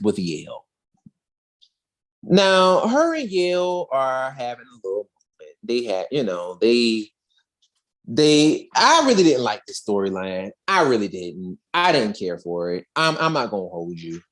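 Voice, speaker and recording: A podcast co-host telling the story of an episode with lots of slang and acted-out character quotes. The pitch swings widely while the pace stays slow and relaxed. Asides and reactions come in as the story goes along. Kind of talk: casual episode recap.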